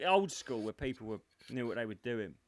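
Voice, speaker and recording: A man's voice: mid-range voice, dry recording, studio quality. A man co-hosting a podcast over a video call, chatting casually and animatedly, often slipping into silly voices. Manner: animated, quick to do voices, laughs while talking. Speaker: podcast co-host. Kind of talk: casual chat.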